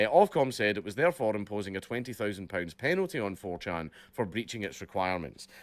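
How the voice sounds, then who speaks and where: A man co-hosting a livestream reads out news items and adds blunt, profane comments, often repeating himself. His voice sits a little low. The sound is dry, with no room echo. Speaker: livestream co-host.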